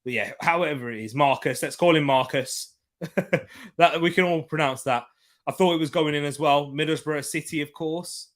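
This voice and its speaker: A man with a slightly high voice speaks at a normal pace while hosting a live football watchalong stream. His commentary on the match is casual and rambling, and he repeats himself and reads chat comments aloud.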